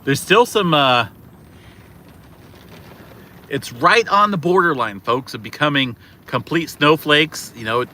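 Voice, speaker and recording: Excited man vlogging outdoors. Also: medium pitch, a little hiss or hum. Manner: excited, rambling, full of "uh" and exclamations. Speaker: weather channel host. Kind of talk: casual on-the-spot weather vlog. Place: outdoors in falling snow beside his car, rural neighborhood. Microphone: handheld camera.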